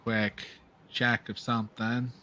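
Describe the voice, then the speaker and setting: A man's voice: medium pitch, takes it slowly, slight background noise. A man narrating and running a tabletop game as game master, calling rolls and laughing with players. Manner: animated, laughing narration with rules calls.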